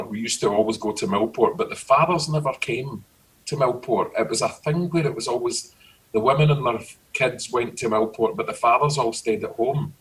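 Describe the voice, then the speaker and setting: A middle-aged Scottish man chatting casually, telling lively stories about his childhood. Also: medium pitch, distant mic, low-quality recording. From Scotland. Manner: storytelling, animated. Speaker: guest. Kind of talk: casual chat.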